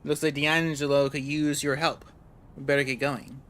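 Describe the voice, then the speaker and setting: A man's voice: fairly high pitch, level tone, moderate pace, fairly bright tone. A man reading game narration aloud casually, often stumbling and restarting words. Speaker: gamer reading a visual novel aloud.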